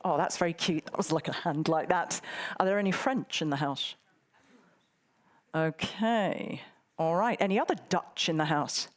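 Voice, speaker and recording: Playful woman moderating a conference. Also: on the low side. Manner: playful, teasing audience banter. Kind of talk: live event hosting.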